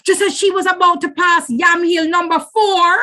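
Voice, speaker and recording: A woman reading a folk tale to children in an expressive, animated way. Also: extremely high pitch, normal speed. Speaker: storyteller.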